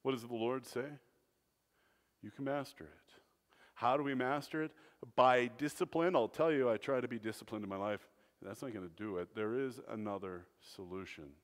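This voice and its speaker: A man preaching a sermon as pastor, dramatic, swinging between loud, emphatic phrases and hushed, low ones. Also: normal speed. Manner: dramatic preaching with wide swings in loudness and pitch. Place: church sanctuary. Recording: long church reverb.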